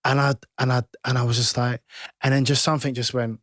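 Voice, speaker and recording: A man, a podcast guest telling stories from his playing days in an animated, halting way full of restarts. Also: medium pitch, no echo, studio quality. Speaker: podcast guest, former footballer. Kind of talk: casual storytelling.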